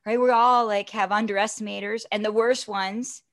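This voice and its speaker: A woman in her fifties, a guest telling a personal story in an animated, chatty way, often checking in with "right?". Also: medium pitch, normal speed.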